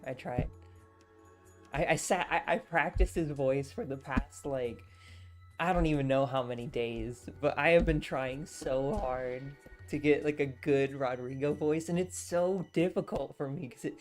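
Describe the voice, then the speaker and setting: A woman's voice: deep voice, moderate pace, darkish tone, faint music behind. A young woman streaming as she reads a novel aloud and chats with viewers in a rambling, easygoing way. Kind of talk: casual live stream chat and book reading.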